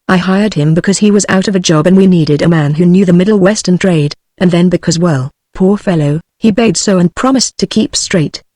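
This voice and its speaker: A sharp-tongued businesswoman boss scolding a salesman, voiced by a text-to-speech reader. The delivery stays mechanical and even, with a dry, close sound. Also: medium pitch, no echo, natural voice.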